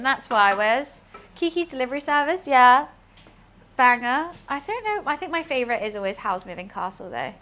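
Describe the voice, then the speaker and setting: Young British woman, streamer cooking live, slightly high voice, flat chatty delivery, faint background noise. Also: normal speed. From United Kingdom. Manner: chatty, deadpan-sounding, reads and answers chat while cooking. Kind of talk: casual cooking stream chat.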